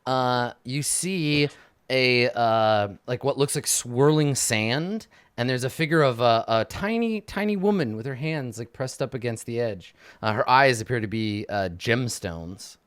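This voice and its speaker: A man's voice: medium pitch, expressive, a little slow, fairly bright tone, clean tone, no echo, studio quality. A man narrating as game master, describing scenes loosely with lots of fillers.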